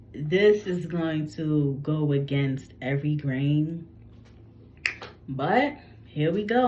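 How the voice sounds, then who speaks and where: Deep-voiced lady rambling thru a psychic reading story, keeps restarting, kinda dull lo-fi audio. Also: a little mellow, slight background noise. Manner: rambling, frequent restarts and self-corrections. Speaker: psychic reader. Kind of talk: casual channeling story to camera.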